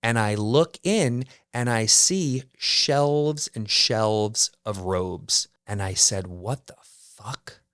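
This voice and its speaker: A man's voice: on the low side, expressive, slow, hardly any pauses, a bit bright, clear, resonant tone, no echo, clean studio sound. A man hosting his own podcast, telling a story in a chatty, wry way with lots of casual fillers. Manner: chatty and wry, heavy use of "like". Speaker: podcast host.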